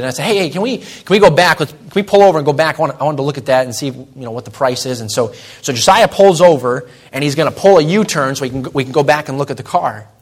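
A young male pastor delivers a sermon to his congregation in a church. His voice sits a little high, and he tells a story earnestly before slowing down to stress each point. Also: fairly bright tone. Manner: earnest storytelling, slows and presses on key lines.

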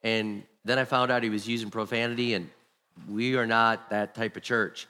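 A man's voice: lowish voice, fairly even intonation, moderate pace, bright, forceful tone, clear, resonant tone, long reverb tail. A man preaching a sermon to church leaders, telling a personal story in an earnest, emphatic way with repeated phrases. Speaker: pastor.

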